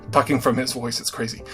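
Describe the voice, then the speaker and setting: Man in his own voice, livestream host, casual and earnest, keeps checking in with the audience, mid pitch, soft music underneath.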